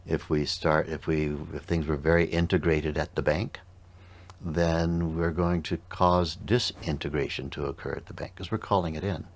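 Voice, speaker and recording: Male meditation teacher, extremely low voice, calm and unhurried in explanation.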